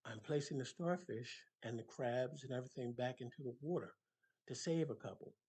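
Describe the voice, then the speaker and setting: A husky-voiced man playing a calm, patient man who speaks softly and gently. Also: mid-range voice, a little fast, lightly acted. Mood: gentle. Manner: quiet, gentle, soft-spoken.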